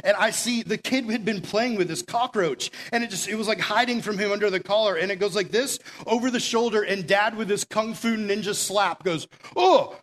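In a church meeting room, a young man preaches a relaxed youth sermon, spinning stories packed with "like" and "right?" His voice sits high and fairly bright, moving briskly with barely a pause, over a little hiss or hum.

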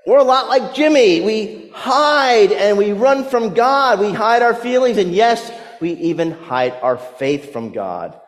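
A man preaching a sermon, telling stories and swinging from loud to hushed delivery. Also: high-pitched, expressive, unhurried, few pauses, big-room sound. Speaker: pastor.

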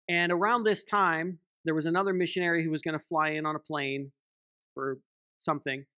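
A man's voice: on the high side, no room sound, muffled recording. Conversational male church elder preaching. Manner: conversational, frequent "right?" tag questions. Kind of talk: sermon.

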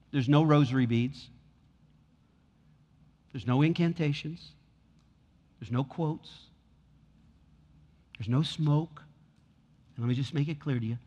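A man's voice: mid-range voice, mellow, muffled recording. Man preaching with long reverb. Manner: preaching with rising force and repeated lines. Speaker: pastor. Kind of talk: sermon. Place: church.

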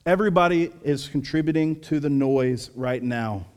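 Man, pastor, sermon, earnest, soft quiet passages, slightly high voice, long reverb. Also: moderate pace.

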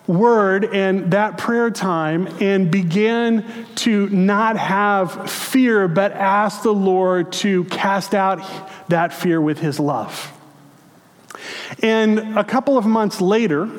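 A male pastor preaching a sermon, telling personal stories in a relaxed, conversational way. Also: high voice. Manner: conversational storytelling, chuckles at own stories. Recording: long hall reverb.

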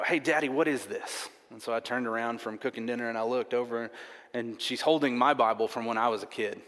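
A man's voice: mid-range voice, fairly bright tone. A man preaching a sermon, telling a personal story earnestly and repeating himself often. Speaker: pastor. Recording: long reverb of a large hall.

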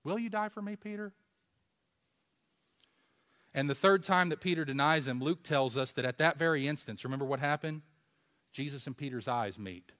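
A man preaching a sermon, asking rhetorical questions and swinging from a hush to loud emphasis. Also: mid-range voice, a little fast.

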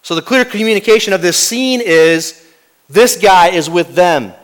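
A man preaching a sermon as pastor, dramatic, dropping from loud to hushed and asking the congregation rhetorical questions. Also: high-pitched, moderate pace.

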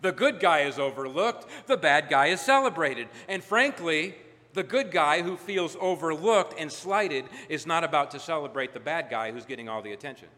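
Bright-voiced preacher in a reverberant hall. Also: male voice, expressive, normal speed. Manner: emphatic, building to loud peaks then dropping low. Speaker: pastor. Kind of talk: sermon.

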